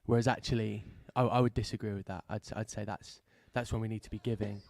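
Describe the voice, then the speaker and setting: A man's voice: fairly low pitch, fairly even intonation, fast, vocal fry, darkish tone, no room sound, clean studio sound. A young man in a casual podcast discussion, talking hesitantly with restarts. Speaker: podcast guest.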